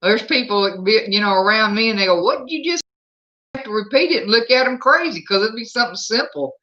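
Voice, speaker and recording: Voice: medium pitch, fast talker, bright, forceful tone. A livestream host with a Southern US accent, chatting casually at home and answering viewer comments aloud. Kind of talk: casual live chat. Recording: slightly dull lo-fi sound.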